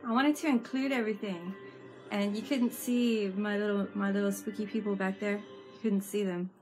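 A woman's voice: medium pitch, steady tone, moderate pace, a little mellow, faint music behind. A woman hosting a casual live stream from home, playful and teasing and laughing often. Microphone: webcam mic with fisheye lens.

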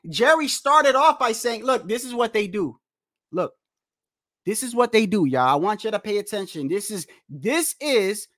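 A man hosting a boxing livestream and ranting in a heated, animated way, repeating himself, swearing often and trash-talking the chat. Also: extremely high pitch, no echo, studio quality. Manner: animated, repetitive, trash-talking with frequent profanity.

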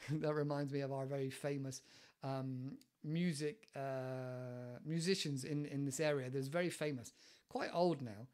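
A man's voice: medium pitch, fairly even intonation, unhurried, a little mellow. A man with an English West Country accent who hosts a casual podcast lesson, explaining idioms in a chatty, digressive way and laughing often. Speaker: English teacher and podcast host.

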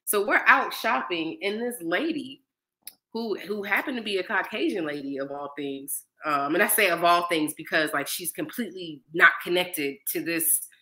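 Lady guest in her 30s, lowish but bright voice, animated, acts out quotes. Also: normal speed, rough recording. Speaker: interview guest. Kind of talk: casual storytelling interview.

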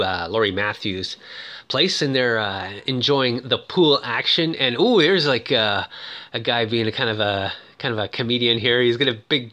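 Animated, bright man joking through a recap. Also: medium pitch. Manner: joking, animated asides with frequent "ooh". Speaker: movie recap host. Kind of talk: casual commentary.

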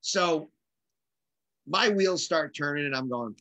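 A middle-aged man, a drummer, telling a story in casual conversation and acting out the quotes with animated energy. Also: a little high, takes it slowly, dry recording, rough recording. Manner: animated, acts out quotes in lively voices. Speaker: guest drummer.

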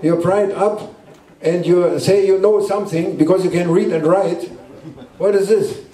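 High-voiced sheikh preaching in an echoey room. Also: male voice, dark tone. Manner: repeats short emphatic phrases, halting non-native English. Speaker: Sufi sheikh teaching a gathering. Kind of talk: sermon. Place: indoor gathering room at a guesthouse. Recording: roomy echo, distant mic.

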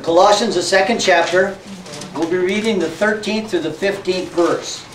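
A pastor with a high-sitting voice preaches at a moderate pace, folksy and joking and laughing often. The mic picks him up from far off in an echoey church sanctuary.

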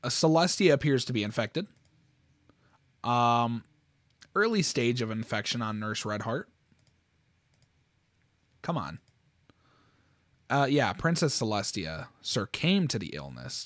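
Man with a lively, bouncy pitch who swears freely, dry close sound; casual channel host reacting to stories. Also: slow, pauses often, dry recording. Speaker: YouTube host.

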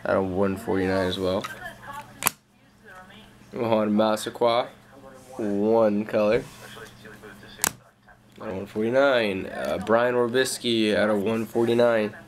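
A young man calmly listing off his trading cards in a casual showcase, with slang and frequent fillers. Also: on the low side, slow pace, pauses often. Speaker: card collector.

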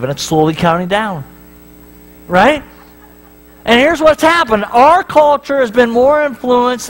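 High-voiced pastor telling jokes in a sermon. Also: male voice, low-quality recording. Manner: casual, joking storytelling, often asking the crowd "right?". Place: church.

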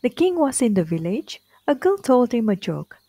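A woman reading a children's storybook aloud, slowly and clearly, with expressive delivery. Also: fairly high pitch, no echo, low-quality recording. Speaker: storybook reader.

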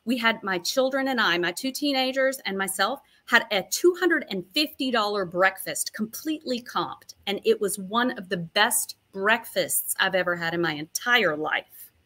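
A middle-aged woman guest telling stories in a chatty, long-winded way, poking fun at herself as she goes. Her voice is bright and forward, set at a middle pitch for a woman. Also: lively intonation, normal speed. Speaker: interview guest, registered nurse. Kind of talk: casual interview storytelling.

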